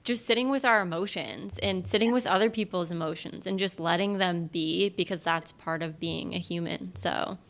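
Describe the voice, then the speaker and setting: A woman hosting a podcast, listening attentively and often giving soft affirmations. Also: lowish voice, normal speed, few pauses. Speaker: podcast host. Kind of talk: casual podcast conversation.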